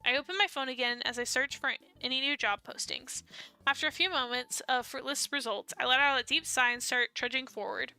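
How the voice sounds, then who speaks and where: A young woman streaming a dating sim, reading the story aloud and breaking off with playful asides. Her voice is high and very bright, dry and close, with faint music underneath. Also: brisk, clear, resonant tone.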